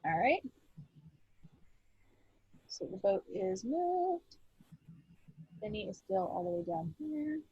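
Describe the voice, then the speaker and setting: A woman running a tabletop game as game master, relaxed and thinking aloud with lots of fillers. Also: mid-range voice, slow pace, pauses often, husky, no room sound, muffled recording.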